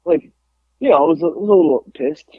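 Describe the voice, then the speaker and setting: A man's voice: fairly high pitch, fast talker, slightly rough. A man on a podcast telling a wrestling story in casual, profane chat, acting out what others said. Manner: animated, profane, acts out quotes. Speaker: podcast guest, pro wrestler. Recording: dull lo-fi audio.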